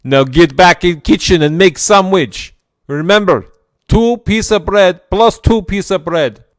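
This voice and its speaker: A man voicing a domineering man who scolds an educated woman in loud, bullying broken English. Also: high-pitched, a little slow, no room sound, clean studio sound, voice pushed up.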